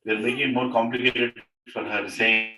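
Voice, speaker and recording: A man's voice: medium pitch, level tone, fairly quick, pushed and bright. Man speaking to a gathering, roomy. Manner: conversational, asks the audience "right?". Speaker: devotional speaker. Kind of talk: storytelling talk to a gathering. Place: room in a private house. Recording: roomy, distant mic, faint noise.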